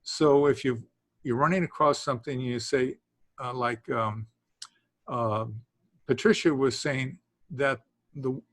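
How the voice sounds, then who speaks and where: A man's voice: medium pitch, steady tone, slow pace, long pauses, fairly bright tone, no room sound. A man teaching a Greek class to students in the room, rambling and stopping to restart his sentences, with the odd chuckle. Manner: rambling, self-interrupting, with chuckles. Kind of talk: classroom lesson.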